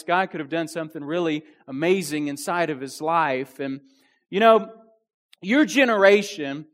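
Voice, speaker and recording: Youth pastor guy, high voice, fired up, keeps restarting and going off on asides. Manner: energetic preaching with many restarts and asides. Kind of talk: youth sermon.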